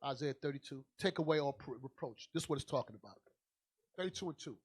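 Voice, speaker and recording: A man preaching a fiery sermon as a bishop, emphatic and calling out to the congregation, swinging from low asides to loud declarations. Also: animated, quick pace, slightly rough.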